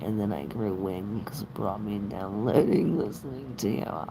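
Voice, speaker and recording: A woman hosts a relaxed live tarot reading, her voice very deep and rough with creaky fry. She talks slowly and chattily, reading out viewer comments and answering each one as she draws cards. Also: a little hiss or hum. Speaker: tarot reader.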